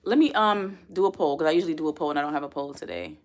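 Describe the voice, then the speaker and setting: Racing along in a deep voice, a young woman running a laid-back livestream talks with her audience, addresses them as y'all and poses questions to the chat.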